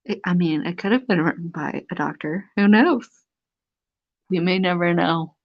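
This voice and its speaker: A woman's voice: on the low side, moderate pace. A woman hosting a casual live stream, amused and chatty, reading aloud from an old magazine with theatrical emphasis. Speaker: antique book seller hosting a live stream. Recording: dull lo-fi live stream audio.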